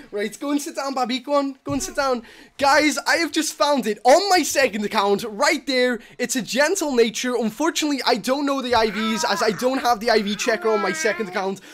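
A teenage boy vlogging about a game into his webcam, breathless and flustered with excitement. His voice sits high for a boy and swings widely up and down as he gushes. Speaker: gaming YouTuber. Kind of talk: excited gaming vlog to webcam. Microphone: webcam microphone.

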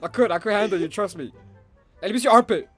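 A man's voice: high voice, quick pace, faint music behind. A man from Maryland hosting a prank video, teasing and flirting with strangers in loose, slangy banter. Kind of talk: casual video chat banter.

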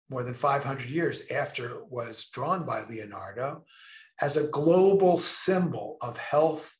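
A man presenting a creativity session in a lecture style, speaking expressively with emphatic, drawn-out pauses. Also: on the high side, roomy sound. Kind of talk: lecture-style talk to a remote audience.

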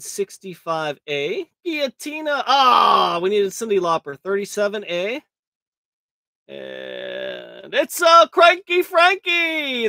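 A raspy-voiced man hosting a live card break, calling out cards in a crude, joking way and laughing often. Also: high-pitched, fairly bright tone, dry recording. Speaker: host of a live trading card box break. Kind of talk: casual live-stream commentary.

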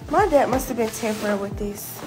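Excitable teen girl vlogging. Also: on the high side, brisk, music in the background. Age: teens. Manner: excitable, gushing, slangy. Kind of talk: casual vlog chat to viewers. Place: her bedroom.

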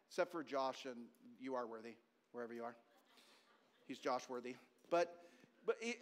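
A man preaching a sermon as pastor, talking in an animated, conversational way with asides to the congregation. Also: high-pitched, moderate pace. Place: church sanctuary. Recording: long reverb of a church hall.

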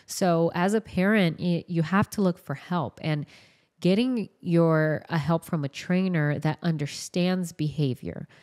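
A woman with a notably low voice talks as a podcast guest and dog trainer. She tells stories loosely and chattily, piling on asides as she goes. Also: a little slow, a little mellow. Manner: chatty storyteller, loose and rambling. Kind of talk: casual podcast conversation.

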